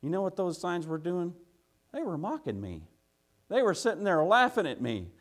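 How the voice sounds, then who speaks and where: A man's voice: high-pitched, big pitch swings, normal speed. Folksy storytelling preacher, man. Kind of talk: sermon with personal story.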